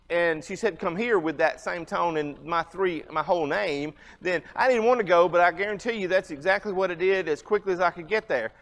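A man in his fifties teaches a church Bible class, high in pitch and conversational. He keeps asking his listeners questions. His voice rings on in a long hall echo. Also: fairly bright tone. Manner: conversational, asks the audience questions.

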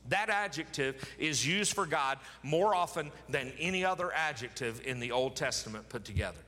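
A pastor preaching an emphatic sermon, repeating key words for stress. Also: male voice, fairly high pitch, animated, normal speed, sharp tone, big-room sound.

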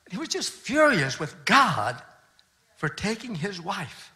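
A man's voice: sits high, huge pitch swings, a little slow, bright, forceful tone. An older man, a pastor, telling a personal story in a sermon in an earnest, conversational way with frequent restarts.

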